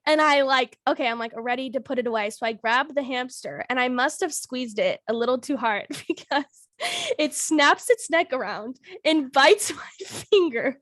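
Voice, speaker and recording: A young woman co-hosting a podcast, telling a story in a casual, animated way, laughing often and shrieking when she acts out quotes. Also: sits high, normal speed, no echo, studio quality. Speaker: podcast co-host.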